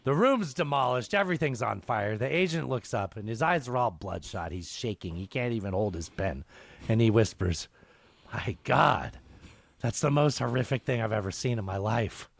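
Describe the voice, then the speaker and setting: Man doing a raspy comedian voice, screechy, gravelly, stammering repeats, wild pitch swings. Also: animated, dry recording. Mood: gleeful storytelling. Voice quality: gravelly at times. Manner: dramatic storytelling, halting repetitions. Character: raspy screechy male comedian telling a filthy joke. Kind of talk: impression while telling a joke.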